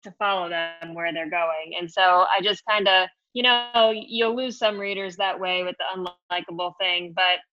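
A woman's voice: on the low side, normal speed, hardly any pauses, dry recording, lo-fi sound. A woman author talking about her book in an interview, thoughtful and loose with fillers. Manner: thoughtful, with many fillers and restarts. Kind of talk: interview chat.

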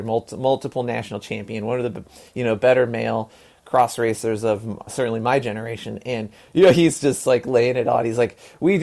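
A man's voice: medium pitch, darkish tone. A man in his forties from the American South, answering as an interview guest in a loose, rambling way. His talk is full of fillers and restarts, with the occasional blunt swear. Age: 40s. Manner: rambling, heavy on fillers and repeated "and", casual swearing. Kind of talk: casual conversational interview.

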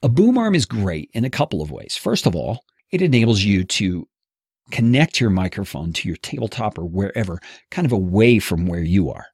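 Expressive male course instructor, husky and gravelly, close dry studio sound. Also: lowish voice, moderate pace, dry recording. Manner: expressive, animated delivery. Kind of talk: instructional podcast teaching. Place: home studio, seated at a table. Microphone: studio mic on boom arm, close.

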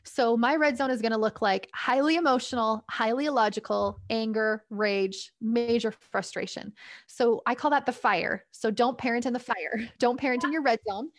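A woman's voice: on the high side, moderate pace, no echo, studio quality. A woman parenting coach explaining her tips in an upbeat, chatty way as an interview guest, laughing between points. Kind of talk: guest giving advice in a podcast interview.

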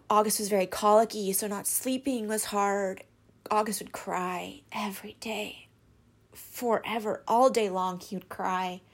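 A woman's voice: medium pitch, steady tone. Woman telling a hard personal story. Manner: halting, with many fillers and restarts; candid and emotional. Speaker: interview guest.

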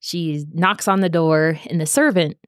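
Podcast co-host, woman, low pitch, swears freely, rambling filler-heavy recap, dry sound. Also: measured pace, no room sound. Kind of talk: casual book-club chat.

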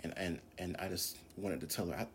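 A man's voice: deep voice, brisk, slight background noise. A man preaching and praying fervently to his listeners, impassioned, repeating phrases and dropping into whispers at times. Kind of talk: fervent spoken prayer and exhortation.

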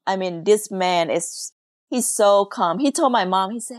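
A woman's voice: medium pitch, unhurried, no room sound, studio quality. Woman telling her story. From Laos. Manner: earnest, emotional, non-native English grammar. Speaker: guest. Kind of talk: personal storytelling in an interview.

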